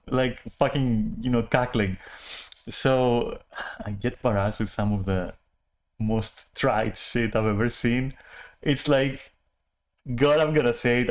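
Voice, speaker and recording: A man talking in a casual rambling monologue, often apologizing, laughing and swearing as he restarts his sentences. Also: medium pitch. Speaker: channel host.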